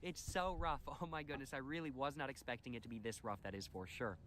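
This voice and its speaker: Fast-talking mock-earnest man. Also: mid-range voice, a bit bright. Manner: mock-earnest, repeats catchphrases. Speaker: video creator. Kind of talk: deadpan vlog narration.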